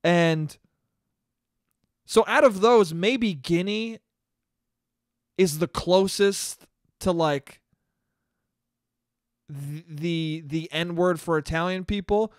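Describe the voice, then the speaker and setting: A young man hosting a solo comedy podcast, talking in a profane, animated rant and laughing at his own jokes. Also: sits high, extremely slow, pauses often, no echo, clean studio sound. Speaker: podcast host.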